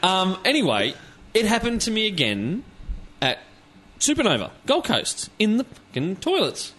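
Bright-voiced older Australian man. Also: high-pitched, wildly swooping pitch, normal speed. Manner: rambling storyteller, swears, laughs often. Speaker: podcast host. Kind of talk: casual chat.

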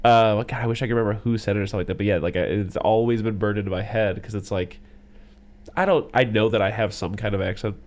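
Man, co-host, quick speech, rambling, filler-heavy, casual chat. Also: on the low side, fairly even intonation, darkish tone. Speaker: podcast co-host.

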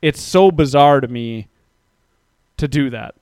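A man in his thirties telling a story in a casual, profane rant that grows heated and loud. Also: medium pitch, animated, unhurried, clean tone, dry recording, studio quality. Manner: ranting, profane, gets heated and loud when recounting.

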